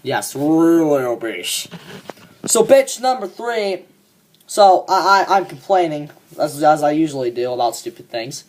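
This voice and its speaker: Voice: mid-range voice, big pitch swings, measured pace, a little mellow. A fan performer voicing a cocky young man who rants smugly and swears a lot about a coworker, in a comedic monologue. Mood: ranting. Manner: ranting, profane and smug.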